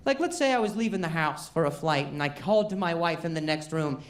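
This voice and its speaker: A man's voice: on the high side, lively intonation, brisk, few pauses, roomy sound. A man with a stutter performing a self-deprecating stand-up comedy set on a club stage. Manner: self-deprecating, wry storytelling with comic outbursts.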